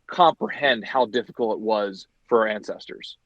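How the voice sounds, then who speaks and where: A man hosting a podcast, animated and argumentative as he makes his case in casual talk. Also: fairly low pitch, normal speed, no echo, lo-fi sound. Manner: animated, argumentative, many fillers. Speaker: podcast host. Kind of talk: casual chat.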